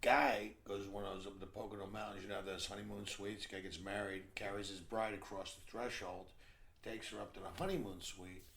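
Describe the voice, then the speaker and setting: A man's voice: fairly low pitch, little pitch movement, a little fast, vocal fry, a bit bright, a little hiss or hum. A male comedian chatting as a guest and telling crude jokes, swearing constantly. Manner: profane, crude storyteller. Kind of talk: casual chat, telling dirty jokes.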